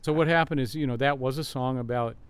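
An older guest musician tells long, rambling stories in an outdoor backyard interview, animated and full of fillers and restarts. His voice is medium-pitched, quick and clean.

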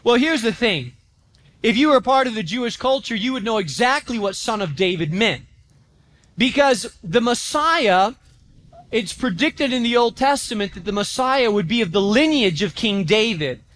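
A pastor preaching a sermon in a church, telling stories with animation and acting out quotes. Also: male voice, sits high, normal speed. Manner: animated storytelling, acts out quotes.

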